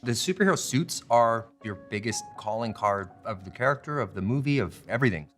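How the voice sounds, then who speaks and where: A man's voice: medium pitch, lively intonation, a little fast, fairly bright tone, soft background music. A man in casual chat, joking and wisecracking as a guest actor on an interview show.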